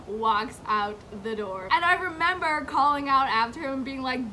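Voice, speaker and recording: A woman vlogger tells a rambling storytime tale with lots of swearing and frequent laughter. Her voice sits high and sounds bright and sharp. There is a faint hum of noise under the recording. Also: moderate pace. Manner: animated, profane, laughing often, heavy use of "like". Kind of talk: casual storytime.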